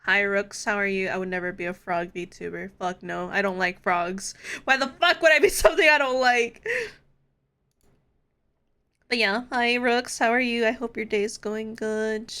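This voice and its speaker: A woman's voice: medium pitch, moderate pace, pushed and bright, smooth. A woman live-streaming in casual chat, playful and giggly, swearing freely.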